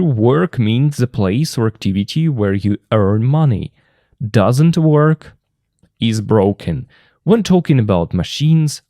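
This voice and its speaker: A man whose first language is Russian, explaining an English textbook lesson slowly and carefully as a teacher. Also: medium pitch, dark tone, dry recording, clean studio sound.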